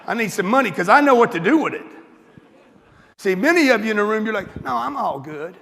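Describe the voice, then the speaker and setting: Before a live crowd in a large hall, a motivational speaker from the United States delivers a blunt, profane talk, stirring people up with questions. He speaks quickly in a high-pitched, animated, pushed and bright voice, with the hall's long reverb audible.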